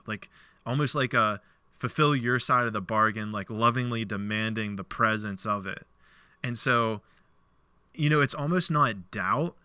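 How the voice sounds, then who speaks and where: A man's voice: medium pitch, unhurried, smooth, no room sound. A man hosting a podcast, casually retelling a parable and acting out its dialogue in a loose, filler-heavy way. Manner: animated storyteller, acts out quoted dialogue; loose speech with many "like" fillers. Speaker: podcast host.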